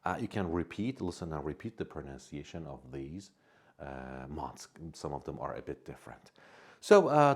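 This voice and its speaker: Deep-voiced man teaching English slowly. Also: slightly rough. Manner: patient, repeats words slowly for learners to copy. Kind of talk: slow, step-by-step language lesson.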